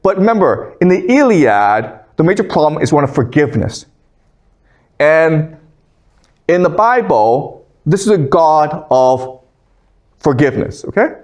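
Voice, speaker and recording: A man's voice: a little high, darkish tone. A man giving a classroom lecture in a conversational way, reading passages aloud and checking in with "okay?" after each point. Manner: conversational, keeps asking "okay?"; reads scripture aloud between explanations. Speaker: professor lecturing.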